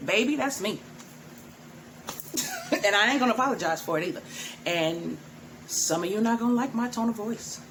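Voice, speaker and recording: A woman's voice: medium pitch, lively intonation, normal speed, pauses often, fairly bright tone. A middle-aged woman who teaches tantra, talking frankly to her viewers and laughing often. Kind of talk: direct-to-camera talk. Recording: noisy background.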